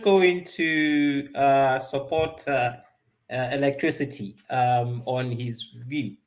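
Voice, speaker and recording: A woman, a panel guest who starts haltingly with fillers and then builds her argument with proverbs. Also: extremely low pitch. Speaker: panel speaker. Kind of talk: talk-show commentary.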